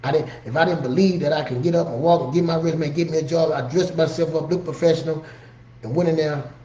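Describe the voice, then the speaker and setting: A man's voice: fairly high pitch, steady tone, quick pace, dark tone. Earnest man telling motivational stories. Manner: earnest, conversational, frequent "you know what I'm saying". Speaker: motivational speaker. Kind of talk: motivational storytelling. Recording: roomy, slightly dull recording with faint ambience.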